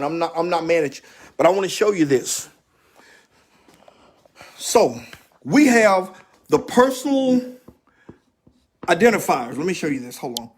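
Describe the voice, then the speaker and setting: A man with a husky, high voice runs a casual livestream about credit repair. He talks right to the people watching, stressing his points and saying them again and again.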